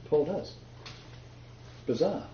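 A man's voice: on the high side, animated, slow, mellow, a little hiss or hum. A man giving a chatty Bible lecture, joking and laughing at his own asides. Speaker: Bible teacher. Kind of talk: lecture-style Bible teaching. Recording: dull echoey room recording.

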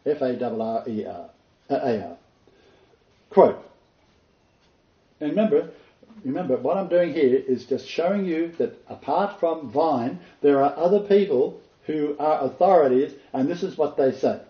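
A man's voice: a little high, animated, a little slow, dull audio. Man teaching with read quotations, roomy sound. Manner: reads poetry and quotes expressively, then comments in asides. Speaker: Bible teacher.

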